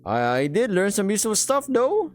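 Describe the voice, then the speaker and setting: A man's voice: high voice, huge pitch swings, moderate pace, pitched above the performer's own voice. A man voicing a female synthetic robot in a visual novel, speaking in a hesitant, apologetic way.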